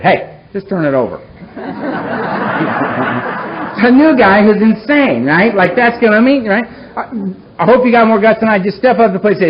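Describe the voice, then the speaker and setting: Brief: middle-aged man, wry self-mocking storyteller, fairly high voice, dull lo-fi recording. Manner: wry, self-mocking storyteller, swings from low somber to loud animated. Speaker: recovery meeting speaker. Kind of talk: personal story told to a meeting. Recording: dull lo-fi recording with faint hiss.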